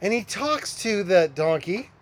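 A man preaching a sermon as a pastor, conversational, with animated storytelling. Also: high-pitched, a little slow.

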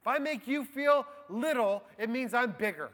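Pastor, male, high voice, slow deliberate sermon delivery, long hall reverb. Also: expressive. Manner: slow and deliberate, dropping soft on key phrases. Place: church.

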